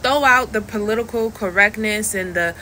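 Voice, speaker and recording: A woman's voice: medium pitch, moderate pace, pushed and bright, slight background noise. A woman giving a casual, frank voice lesson to camera as a coach, chatty and laughing at her own jokes. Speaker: voice coach for phone work.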